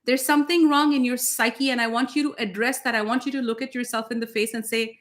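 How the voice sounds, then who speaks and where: A woman's voice: fairly high pitch, fairly even intonation, fast talker, few pauses. A woman spiritual teacher co-hosting a casual talk, emphatic and blunt, swearing freely.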